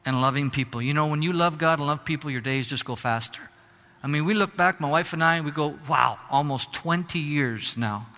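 A male pastor preaches a fervent sermon in a high, bright voice, building to shouts and slipping into Spanish phrases from time to time. A long hall reverb rings out behind him.

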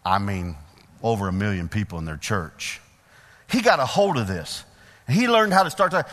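A middle-aged male preacher giving a sermon in a church, folksy and animated, putting questions to the congregation. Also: lowish voice, normal speed. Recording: long hall reverb.

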